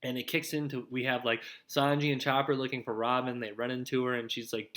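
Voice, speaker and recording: A man's voice: medium pitch, level tone, a little fast, hardly any pauses, fairly bright tone. A young man hosting his own show, giving a rambling, casual recap of anime episodes, full of "like" and "dude". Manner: laid-back, rambling, heavy on "like" and "dude". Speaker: show host.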